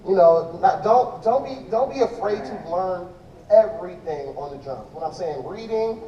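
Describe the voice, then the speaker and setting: A man with a high, mellow voice talks loosely to a crowd, full of slang and restarts. He is picked up from far off in a big echoey hall, and the sound is dull with faint crowd noise underneath. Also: expressive, moderate pace. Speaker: drummer answering audience questions. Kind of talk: casual stage talk to an audience. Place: large indoor event hall stage.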